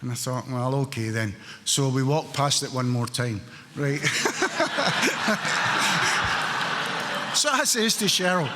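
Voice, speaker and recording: A man's voice: medium pitch, expressive, takes it slowly, long pauses, big-room sound, very noisy. A Scottish man in his sixties telling funny, self-mocking stories at a recovery meeting, laughing often. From Scotland. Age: 60s. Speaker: AA meeting speaker. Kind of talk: storytelling talk.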